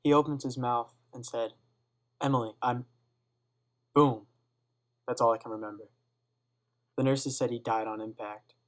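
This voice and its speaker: A teenage boy reading a dark first-person school story aloud in a steady, subdued way. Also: medium pitch, moderate pace, rough recording. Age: teens. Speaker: student reader.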